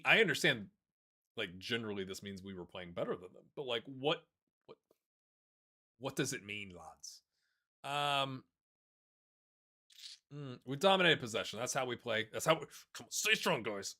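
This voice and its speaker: A man commentates a football management game for his viewers, chatty and quick to get excited. His voice rides up and down with lively swings, and it sounds bright and a little forceful throughout. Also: medium pitch. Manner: excitable, chatty, talks to viewers and players as lads. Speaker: gaming YouTuber. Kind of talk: casual let's-play commentary.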